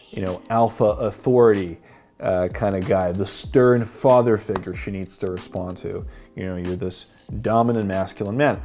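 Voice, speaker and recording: A man's voice: lowish voice, warm tone. A man explaining techniques in a confident, blunt instructional voice-over, swearing casually. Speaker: dating coach.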